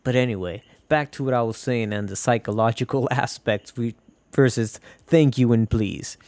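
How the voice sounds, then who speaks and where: A man's voice: mid-range voice, normal speed, darkish tone, no room sound. A man hosting a casual solo podcast, rambling from tangent to tangent, swearing and joking. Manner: rambling, profane, jokey. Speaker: podcast host.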